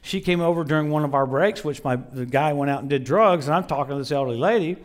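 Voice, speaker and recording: Animated high-voiced male preacher. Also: quick pace. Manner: animated, swings from loud exclamations to hushed asides. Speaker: visiting preacher. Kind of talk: storytelling sermon.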